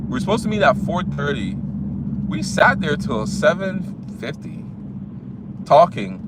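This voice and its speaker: Young man in his twenties, somewhat high voice, rambling casual vlog story, loud street traffic behind. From United States. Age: 20s. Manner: rambling, many fillers and restarts. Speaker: vlogger.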